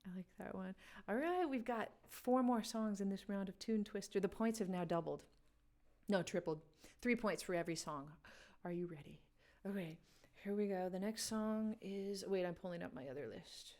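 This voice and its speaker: At a moderate pace and with a darkish tone, a woman with a mid-range voice runs a live music quiz game. She laughs frequently and keeps up a chatty, casual conversation with the viewers.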